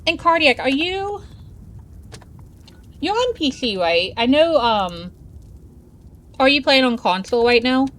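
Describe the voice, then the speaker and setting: A woman from the States, chatting casually with her live-stream chat while gaming. She talks slowly and laughs often. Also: high voice, very animated, fairly bright tone. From Southern United States.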